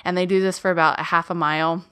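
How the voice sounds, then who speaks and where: A woman's voice: on the low side, little pitch movement, quick pace, fairly bright tone, smooth. A woman hosting a podcast, casually recounting a true crime case with lots of "um" and "like". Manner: chatty, many fillers like "um" and "like". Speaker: podcast host.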